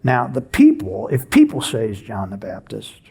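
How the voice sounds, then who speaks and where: A man preaching a conversational expository sermon in a church, teaching with lively rhetorical questions. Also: mid-range voice, moderate pace, creaky, husky. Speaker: pastor.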